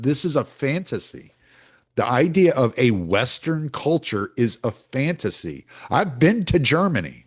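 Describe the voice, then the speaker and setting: A man's voice: medium pitch, measured pace, breathy edge. A man talking through his views in a casual, rambling monologue, often restarting his sentences. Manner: animated, rambling, with frequent restarts.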